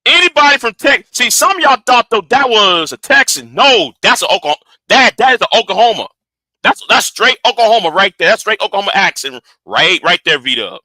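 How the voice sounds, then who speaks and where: A man hosting a live reaction stream, his voice high and swooping up and down. The tone is bright and sharp, and the sound is dry and close. He talks excitably, repeating words as he builds up to a point. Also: fairly quick, dry recording.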